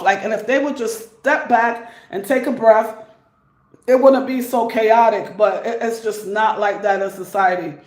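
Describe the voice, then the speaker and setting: A woman giving casual advice to her viewers, emphatic and rambling, repeating her points for stress. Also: a little high. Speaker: vlogger. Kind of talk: casual advice monologue to camera. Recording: echoey room.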